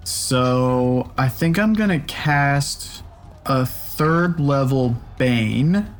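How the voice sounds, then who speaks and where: A man playing a tabletop game, deliberate and wryly grumbling about his luck. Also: mid-range voice, expressive. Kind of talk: casual game-night chat.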